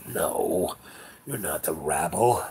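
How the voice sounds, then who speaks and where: A hushed, uncanny old man who seems only forty, as a man puts him on while telling a story. He speaks softly and slowly, with quiet, flattering insistence. A faint hiss of background noise sits under the voice. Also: sits low, pitched below the performer's own voice. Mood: quietly insistent. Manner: soft, slow, hushed delivery.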